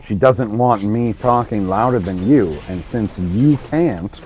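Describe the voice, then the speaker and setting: A man's voice: fairly low pitch, slow, few pauses, a little mellow, soft background music. A man in casual livestream banter, reading viewer messages aloud and reacting with amusement. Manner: reads chat messages aloud, bemused. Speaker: co-host guest.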